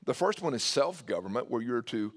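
A man preaching a sermon, swinging his pitch and loudness and dropping to a hushed voice when he quotes. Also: sing-song, fairly quick. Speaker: pastor.

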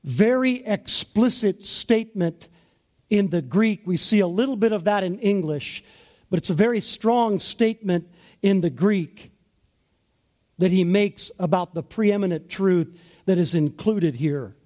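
A man preaching a sermon as pastor, in a slow, deliberate and emphatic way. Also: high voice, darkish tone.

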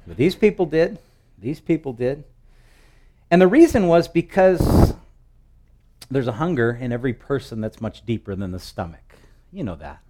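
A man preaching from the pulpit. His voice sits in the middle range and rises with emphasis on key phrases. He slows down and draws out the verses when he reads scripture. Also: medium pitch, expressive, dark tone. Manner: preaching with rising emphatic swells and slow, drawn-out scripture readings. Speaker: pastor. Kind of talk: sermon.

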